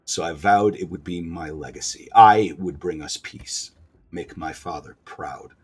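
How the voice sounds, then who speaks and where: A man voicing a wounded, bitter young prince in a video game, speaking low and hushed. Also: measured pace, slightly rough.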